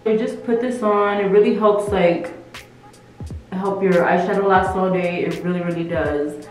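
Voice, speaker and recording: A young makeup vlogger with a mid-range, darkish voice and fairly even intonation talks at a moderate pace in a put-on British accent. She chats playfully and rambles through a makeup tutorial at home, recorded by a camera mic in a very echoey room with faint music.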